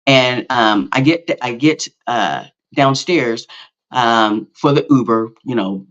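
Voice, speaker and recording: A man's voice: mid-range voice, slow pace, fairly bright tone. A middle-aged man hosting a podcast, telling a story in a casual monologue with lots of fillers, restarts and self-mocking asides. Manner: rambling, with many fillers and self-corrections. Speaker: podcast host. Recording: slightly dull lo-fi audio.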